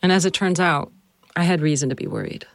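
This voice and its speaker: A narrator and host telling a personal family story, then questioning their mother, earnest and slowing down to stress points. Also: mid-range voice, no echo, studio quality. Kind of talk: reflective personal narration and interview.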